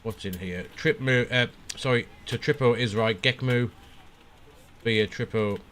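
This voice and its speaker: Easygoing man talking through flight checks. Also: medium pitch. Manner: relaxed, thinking aloud with frequent "uh" pauses. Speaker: flight simulator streamer. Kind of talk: casual live-stream commentary.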